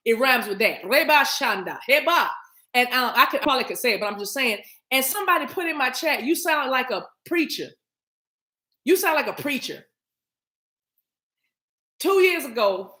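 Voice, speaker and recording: Animated, high-voiced woman preaching to her chat. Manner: animated, emphatic, repeats phrases, talks to chat. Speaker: spiritual reader and livestream host. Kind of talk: casual livestream preaching. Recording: roomy echo.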